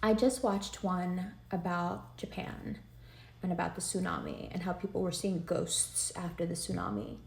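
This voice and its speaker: A woman's voice: lowish voice, moderate pace, creaky, darkish tone, roomy sound. A woman giving a casual, earnest tarot reading, emotional and rambling as she talks straight to the listener. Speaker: tarot reader.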